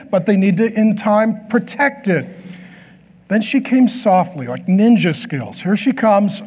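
Pastor guy, high voice, preaching with jokes tossed in, echoey church hall. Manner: lively, joking asides to the congregation. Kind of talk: sermon. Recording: long hall reverb.

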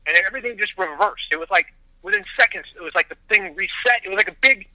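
A man from Las Vegas, a film director, telling his story as an interview guest in an animated way, often restarting his sentences. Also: sits high, quick pace, dry recording, poor audio. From Las Vegas, USA.

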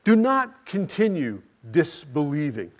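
A man preaching a sermon, building with repeated phrases, rhetorical questions and dramatic pauses. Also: fairly high pitch, big pitch swings.

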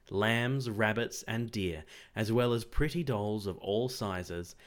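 A man narrating an audiobook with a lowish voice. He reads steadily, pausing between short phrases. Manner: measured, phrase-by-phrase reading. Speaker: audiobook reader.

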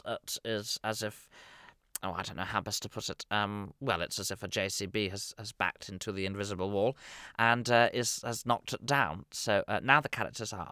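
A man's voice: on the low side, sharp tone, clear, resonant tone, no room sound. A man hosting a comedy podcast, giving a scripted monologue in a dry, mock-serious voice with asides. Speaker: podcast host.

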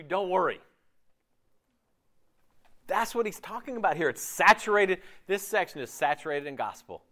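A man preaching in a casual, talky style, his pitch leaping up and down as he acts out little asides. His voice sits a bit higher than most men's. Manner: animated, conversational preaching with quick voiced asides. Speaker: pastor. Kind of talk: sermon.

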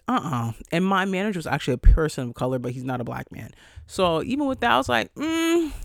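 A young man hosting a podcast, telling a story in a casual, animated, profane way with sassy quoted asides. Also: a little high, no echo, clean studio sound. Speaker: podcast host. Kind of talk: casual solo podcast talk.

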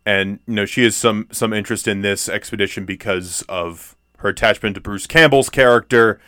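A podcast co-host, male, chats loosely about a movie, rambling with frequent fillers and restarts. His fairly low voice is smooth yet pushed and bright, delivered at normal speed. The studio sound is clean and has no echo.

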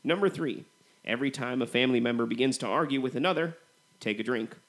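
A man co-hosting a movie podcast, comparing films in a relaxed way with lots of "you know". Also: medium pitch, quick pace. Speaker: podcast co-host. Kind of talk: casual movie review chat.

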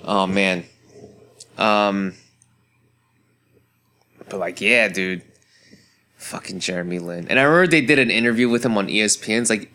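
Profane, animated man rambling solo. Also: fairly high pitch, normal speed. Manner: profane, animated, frequent restarts and rhetorical asides. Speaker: solo commentator. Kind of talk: casual rambling monologue.

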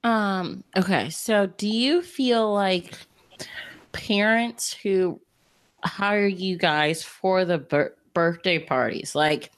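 A woman's voice: medium pitch, slow. A woman co-hosting a casual interview, laughing often and searching for how to phrase her questions. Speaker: podcast co-host.

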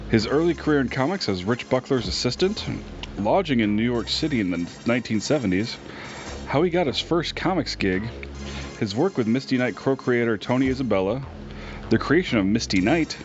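Man announcer, scripted podcast intro, formal delivery, lo-fi sound with music behind. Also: mid-range voice.

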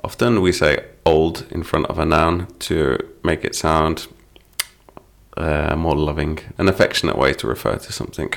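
Middle-aged male teacher, very low creaky voice, patient explainer of lyrics. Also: moderate pace. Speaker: English teacher. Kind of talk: explaining song lyrics to learners.

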